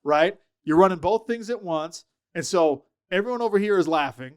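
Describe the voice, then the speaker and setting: A man telling lively stories as a podcast guest, acting out the people he quotes. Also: sits high, moderate pace, clear, resonant tone. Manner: animated storyteller, acts out quoted voices. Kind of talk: casual storytelling chat.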